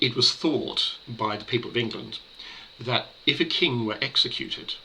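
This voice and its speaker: A man giving a casual spoken book review, measured and hesitant, pausing on fillers and restarting his sentences. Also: mid-range voice, creaky, bright, forceful tone, slight background noise, poor audio.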